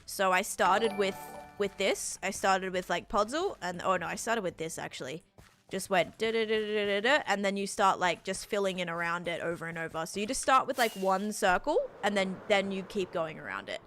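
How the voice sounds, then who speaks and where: A woman's voice: medium pitch, lively intonation, moderate pace, fairly bright tone, soft background music. A young Australian woman chatting casually on a game stream, reading out chat and thanking supporters.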